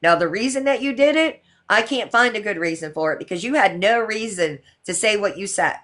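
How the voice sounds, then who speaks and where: A woman's voice: medium pitch, animated, fairly quick, fairly bright tone. A middle-aged woman hosting a casual livestream, talking indignantly and repeating her points for emphasis. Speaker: livestream host.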